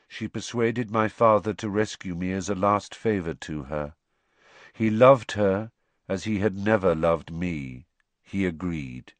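A man voicing a dazed young man confessing in a flat, expressionless monotone. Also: fairly low pitch, dry recording, close to an everyday voice. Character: young man under truth potion, dazed and hollow.

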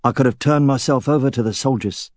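Grim young warrior, voiced by the narrator: low, measured, dry close read. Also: male voice, dry recording, natural voice. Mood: cold. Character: grim young man, cold and resolved.

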